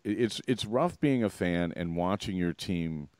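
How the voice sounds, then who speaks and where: A male host chatting casually, a bit hoarse from a cold, often halting and trailing off. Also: deep voice, lively intonation, a little mellow, no room sound. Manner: trailing off, halting, self-interrupting. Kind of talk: casual chat.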